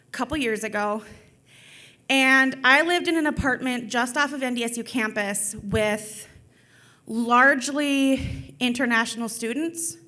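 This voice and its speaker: A woman's voice: sits high, fairly bright tone. A young woman telling a personal story at a live event in a chatty way, full of filler words. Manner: chatty, lots of filler likes.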